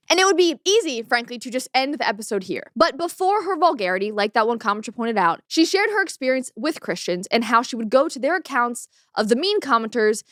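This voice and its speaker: A woman's voice: on the high side, a bit bright, no room sound, clean studio sound. A woman hosting a commentary show, speaking in an earnest, opinionated way about faith. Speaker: host.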